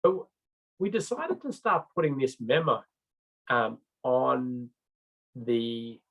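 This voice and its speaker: A man's voice: mid-range voice, sing-song, slow pace. A middle-aged man giving an informal training presentation as a road safety trainer, chatty and rambling, with many fillers and restarts. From Australia. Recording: slightly dull lo-fi recording.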